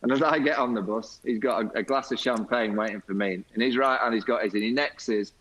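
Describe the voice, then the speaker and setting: A man, a guest on a video call, telling a lively anecdote with laughter and quoted voices. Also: mid-range voice, fast talker, poor audio. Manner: lively storyteller, laughs often, mimics teammates. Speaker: former cricket captain guest. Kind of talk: anecdotal storytelling.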